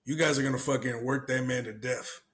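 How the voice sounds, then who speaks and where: A man co-hosting a casual podcast, talking in a profane, animated way and laughing often. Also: mid-range voice, a little fast. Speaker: podcast co-host.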